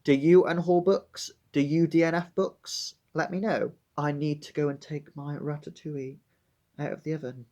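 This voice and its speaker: A man's voice: a little high, steady tone, normal speed, darkish tone, highs cut off. A young man vlogging about books in a dramatic, sardonic way. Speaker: book vlogger. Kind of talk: casual book vlog.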